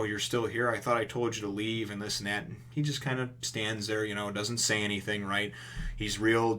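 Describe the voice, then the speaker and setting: Man, lowish voice, casual comic review, rambling, lots of fillers, occasional cursing. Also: sharp tone, slight background noise. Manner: rambling, heavy on fillers like "you know", emphatic and casually profane. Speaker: manga chapter reviewer. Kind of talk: casual recap and commentary.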